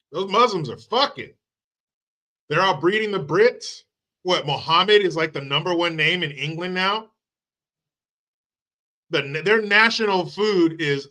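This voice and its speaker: Forceful, swearing male commentary host. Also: fairly high pitch. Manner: heated, sarcastic, swearing. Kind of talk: profane political rant.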